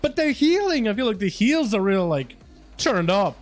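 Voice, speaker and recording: A man's voice: high-pitched, big pitch swings, moderate pace. A young man chatting casually with viewers on a gaming livestream, loose and full of swearing. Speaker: gaming streamer. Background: faint music.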